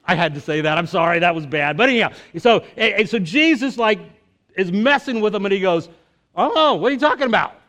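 A man's voice: high-pitched, lively intonation, fairly quick, fairly bright tone. A male preacher giving a sermon in a casual, conversational way, with jokes and filler words.

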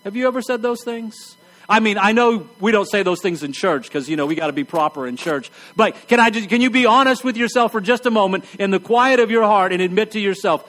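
A middle-aged man preaching a conversational sermon, wry and blunt, dropping to a hush for emphasis. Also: high voice, brisk.

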